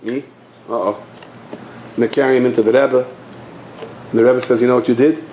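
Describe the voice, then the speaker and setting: A rabbi tells a story in a sermon at a fast clip and throws himself into every scene. His speech rings in an echoey hall, and a faint hiss sits behind it. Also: mid-range voice. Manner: animated, acting out the story.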